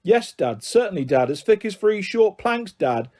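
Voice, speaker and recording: A man's voice: high-pitched, very animated, moderate pace, darkish tone, pitched above the performer's own voice. A man doing a bullying mock-jolly dad. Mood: menacing. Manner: taunting, mock-jovial then harsh. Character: bullying middle-aged father, menacing and sneering.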